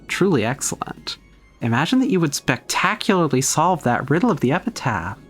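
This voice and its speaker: A player putting on a grand golden witch who speaks in stately, theatrical, old-fashioned phrases. her pitch rises and falls in broad, lively sweeps, and faint music plays underneath. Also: fairly quick, natural voice. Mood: grandiose. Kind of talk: reading a visual novel aloud in character.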